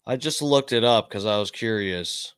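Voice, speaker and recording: A man's voice: lowish voice, moderate pace, a bit bright, clean tone. A man streaming a casual live reaction, rambling and swearing with lots of hesitations.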